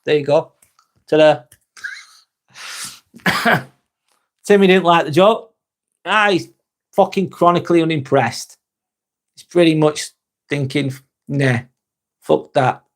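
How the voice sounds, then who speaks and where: A man's voice: a little high, slow pace, pauses often. An English man hosting a casual live-stream chat, joking, teasing himself and swearing freely. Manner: sweary, joking and self-mocking.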